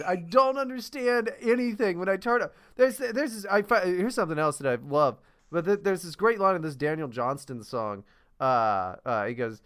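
A man's voice: high voice, sing-song, normal speed, fairly bright tone. Rambling, laughing male podcast co-host. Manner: rambling, profane, laughs often. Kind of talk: casual podcast chat.

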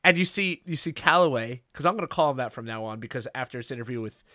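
A man's voice: medium pitch, lively intonation, quick pace, sharp tone, no echo, clean studio sound. Pria santai bercerita panjang, rekaman kering. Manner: rambling storyteller, many fillers and restarts. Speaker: podcast co-host. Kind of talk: casual chat.

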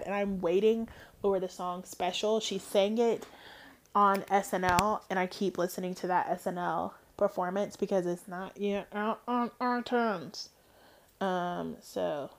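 A woman talks through her solo podcast in a loose, enthusiastic way, pausing often on ums. Her voice sits at an ordinary mid pitch. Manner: chatty and enthusiastic, frequent ums. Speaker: podcast host. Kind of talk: casual solo podcast chat.

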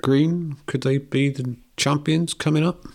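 A man co-hosting a casual local football chat, measured and fond of quoting league history and facts. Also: a little high, fairly even intonation, creaky, darkish tone. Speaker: co-host of a local football show.

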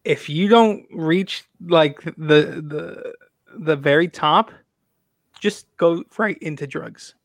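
A man's voice: on the high side, slow, dry recording. A man hosting a casual podcast chat, rambling with many restarts and fillers. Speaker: podcast host.

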